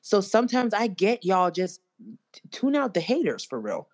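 A young woman co-hosting a casual chat, talking in an animated, slangy and blunt way. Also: mid-range voice, normal speed. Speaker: co-host.

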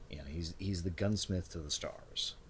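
A man narrating as game master of a tabletop game, relaxed and descriptive. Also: low voice, moderate pace, a little hiss or hum.

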